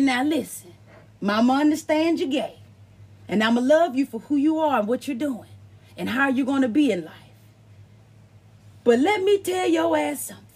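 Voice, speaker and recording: A woman's voice: sits high, a little mellow, pitched above the performer's own voice. A woman putting on her sassy blunt mama. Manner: sassy, rhyming, preachy. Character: blunt loving mother giving frank advice.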